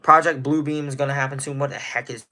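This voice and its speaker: Pushed and bright, this teenage man's mid-range voice comes out flat and quick. The nineteen-year-old Indiana native rambles through a casual livestream, calling out viewers in chat by name.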